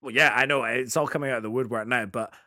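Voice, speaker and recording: A man co-hosting a music podcast in casual chat, excitable and swearing freely. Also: medium pitch, quick pace, dry recording, clean studio sound. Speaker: podcast co-host.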